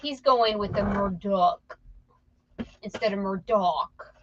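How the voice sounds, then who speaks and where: A woman's voice: mid-range voice, slow, lo-fi sound, a little hiss or hum. A woman co-hosting a reseller channel, chatting and joking casually while working.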